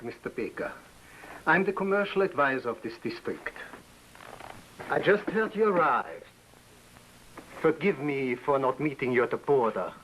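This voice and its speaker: An actor playing a polished, coldly courteous communist official who interrogates a prisoner, in 1950s TV drama style. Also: male voice, mid-range voice, fairly bright tone, breathy edge, poor audio. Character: suave menacing communist official, male.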